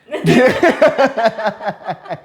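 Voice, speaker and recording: A man vlogger telling stories in a casual chat, profane and animated, laughing as he tells them. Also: very high voice, drawn-out words.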